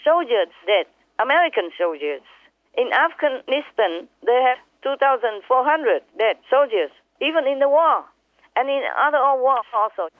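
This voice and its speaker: A woman's voice: high voice, expressive, moderate pace, dry recording. A woman teacher speaks fervently to her disciples on a phone call. She hammers her points home and repeats them. The line is tinny and narrow, and the voice sits dry with no room sound. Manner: impassioned, repetitive, emphatic. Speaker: spiritual teacher. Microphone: telephone.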